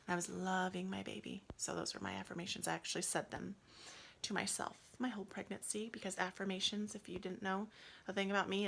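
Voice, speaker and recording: A woman's voice: fairly low pitch, gravelly, a bit bright, a little hiss or hum. A woman casually telling her own story in a vlog, emotional and often dropping to a near-whisper. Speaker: yoga vlogger telling her birth story.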